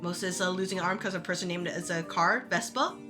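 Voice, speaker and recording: A woman streamer chatting casually while playing a game, ranting in an animated way with quick asides and restarts. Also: on the low side, over music. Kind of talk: casual gaming stream chat.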